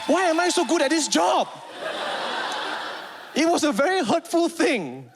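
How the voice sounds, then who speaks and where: A man in his thirties with a Malaysian English accent, performing stand-up comedy on stage, animated and mimicking voices. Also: very high-pitched, a little slow, over a noisy crowd, very noisy. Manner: animated, mimics voices, sings snatches of rhymes. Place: on stage before a live audience.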